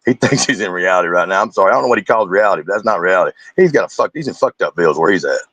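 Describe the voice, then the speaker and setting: A man's voice: deep voice, lively intonation, rapid-fire, fairly bright tone, slightly rough, no room sound. A man doing crude, mocking commentary as a streamer, ranting sarcastically about other online personalities. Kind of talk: profane reaction commentary.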